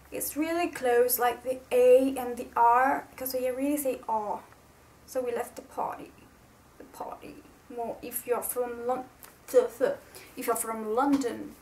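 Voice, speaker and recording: A woman's voice: high-pitched, rough recording. A young Italian woman with an Italian accent, chatting eagerly and self-deprecatingly in a casual explainer vlog. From Italy. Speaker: YouTuber.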